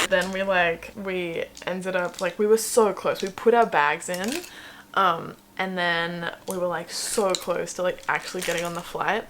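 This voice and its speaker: A woman's voice: fairly low pitch, fairly quick, fairly bright tone. A young woman with an Australian accent, telling a story in a casual, chatty vlog, full of swearing and "like". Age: young adult. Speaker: vlogger.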